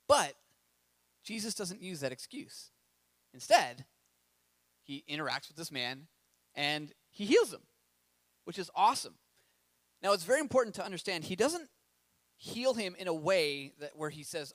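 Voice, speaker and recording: A man with a high voice preaches a sermon, moving between reading scripture and chatty, animated asides. He asks his listeners questions as he goes. The sound is dry, with no room echo. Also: measured pace, long pauses. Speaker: pastor.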